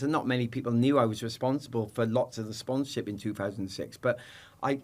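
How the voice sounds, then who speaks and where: A middle-aged British man, a podcast guest, telling lively anecdotes in casual chat and acting out the people in them. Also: medium pitch, quick pace.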